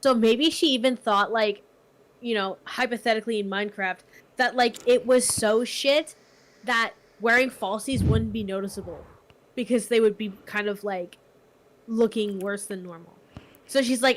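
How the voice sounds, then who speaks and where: A woman's voice: fairly high pitch, normal speed. A woman with a Boston accent, a guest commentator on a live stream, rambling casually with lots of "like". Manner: rambling, filler-heavy.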